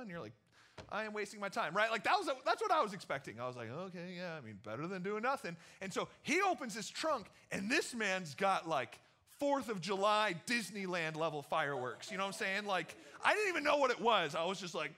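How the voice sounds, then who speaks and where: Young male youth pastor, casual joking sermon, bright forceful tone. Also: high voice, fairly quick. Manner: energetic, animated, jokey, acts out quotes. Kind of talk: casual storytelling sermon to teens.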